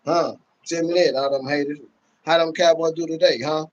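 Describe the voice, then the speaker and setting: A man with a Texas accent hosting his live stream, boasting and trash-talking in a loud, laughing rant. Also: on the high side, steady tone, brisk, lo-fi sound. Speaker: channel host.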